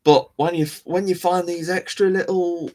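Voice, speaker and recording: A man's voice: high-pitched, fairly even intonation, moderate pace, mellow, slight background noise. A man hosting a live show, talking in a rambling, chatty, self-mocking way. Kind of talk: casual live-stream chat.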